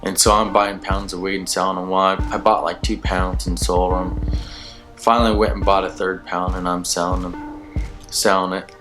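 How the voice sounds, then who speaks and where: A man's voice: deep voice, flat delivery, moderate pace. A man hosting his own channel, telling his personal testimony in a rambling, laid-back way, full of "you know" fillers. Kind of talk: casual personal testimony storytelling. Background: background music.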